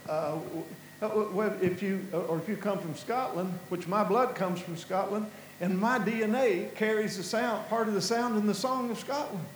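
Preaching with deep feeling, this Kentucky man speaks in an Appalachian accent, his high voice rising as emotion builds while he stumbles, repeats words and restarts. The sermon-like delivery is heard in a roomy, echoing space over a low, faint hum.

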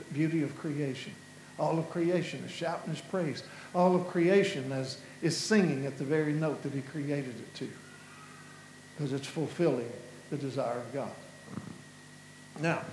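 A man with a Kentucky Appalachian accent preaches in a high, lifting voice, full of feeling and prone to halting restarts. The sound is roomy and echoing, with a faint hum underneath. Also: darkish tone. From Kentucky, USA. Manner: impassioned, halting, repeats words and restarts, voice rises with feeling. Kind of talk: passionate sermon-style talk.

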